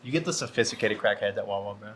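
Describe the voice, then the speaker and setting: A man's voice: on the low side, animated, very fast, a bit bright, a little hiss or hum. A man on a podcast, chiming in with dry one-liners during casual banter. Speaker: podcast co-host.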